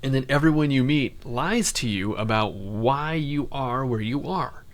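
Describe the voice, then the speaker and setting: A man's voice: medium pitch, measured pace. A young man hosting casual game commentary, chatty and rambling, who often jumps into mock voices. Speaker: gaming channel host.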